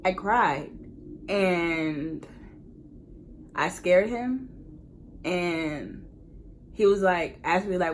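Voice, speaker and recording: A young woman, telling a candid, animated personal story as a casual storytime vlog, full of slang and laughter. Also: fairly low pitch, slow, long pauses. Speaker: vlogger.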